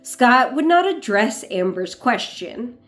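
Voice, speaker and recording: A woman reading a true-crime book aloud in a measured, unhurried way. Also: on the high side, sing-song, fairly bright tone, faint music behind. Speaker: narrator.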